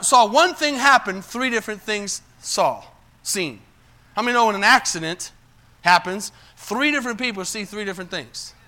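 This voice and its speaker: A male pastor preaching a sermon, calling out asides to the congregation and swinging between loud emphatic bursts and low quiet lines.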